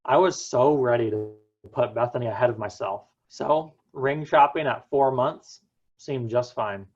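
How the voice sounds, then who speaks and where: A young man tells a personal story in an earnest, unhurried voice, leaning into dramatic pauses. His pitch sits in an ordinary middle range. The sound is a little dull and lo-fi. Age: young adult. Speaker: student speaker. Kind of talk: prepared personal talk.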